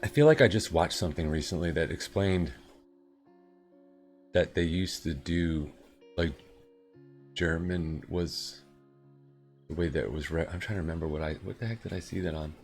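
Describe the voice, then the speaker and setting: Deep-voiced man streaming with his morning voice. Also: normal speed, pauses often, soft background music. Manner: rambling and upbeat, with sudden loud bursts. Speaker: live coding streamer. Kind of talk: casual chat with viewers.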